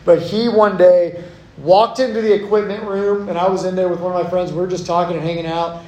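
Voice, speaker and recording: A young male youth pastor delivers a sermon in a conversational, relatable way and leans on personal stories. His voice sits high for a man. The sound rings with the echo of a large hall. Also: flat delivery, a little fast, mellow. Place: church hall. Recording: echoey hall.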